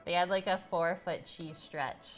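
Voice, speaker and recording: A woman's voice: lowish voice, steady tone, unhurried, soft background music. A woman hosting a live cooking stream, chatting and giggling with her viewers from her home kitchen. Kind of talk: casual live-stream chat while cooking.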